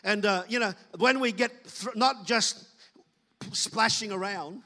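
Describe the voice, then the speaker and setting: A man's voice: high voice, measured pace, sharp tone, long reverb tail. A man preaching a sermon as pastor, talking to the congregation in a loose, conversational way and acting out quoted voices.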